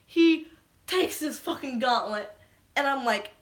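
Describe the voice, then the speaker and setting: A woman casually recapping a movie's plot in a vlog, excitable, swearing freely and geeking out. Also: sits high, a little slow. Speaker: vlogger.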